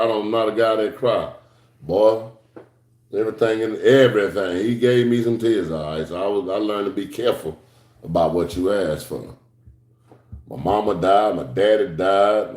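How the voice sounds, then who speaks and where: A middle-aged man teaching scripture to a class as a sermon, moving between slow, low reading and high excited outbursts, with casual asides to his listeners. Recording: echoey room.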